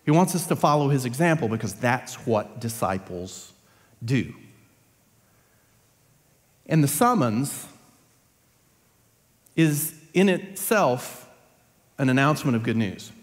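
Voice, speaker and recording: In a church sanctuary, a man delivers a Sunday sermon with a medium-pitched, animated voice, taking it slowly with long pauses. He is earnest and builds to emphatic peaks, and the hall's long reverb carries his words.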